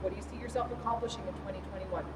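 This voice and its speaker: A woman's voice: medium pitch, fairly even intonation, very fast, background noise. A woman leading a workout as a fitness coach, upbeat, counting reps aloud while she demonstrates. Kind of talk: workout instruction. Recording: echoey gym recorded from a distance.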